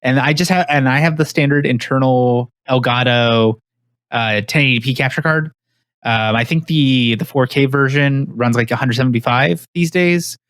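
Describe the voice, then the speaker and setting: A man hosts a relaxed tech podcast chat, his voice close and dry on the mic. He talks in quick bursts, circling back with restarts and fillers as he works through prices and hardware. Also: mid-range voice, clean tone, no echo. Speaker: podcast host.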